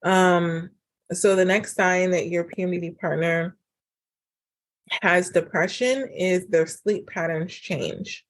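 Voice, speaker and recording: On her casual solo podcast, a relationship coach and host hands out relationship advice in a chatty, animated way, acting out quoted dialogue. She speaks slowly, her voice slightly low for a woman, with lots of "like" and "um".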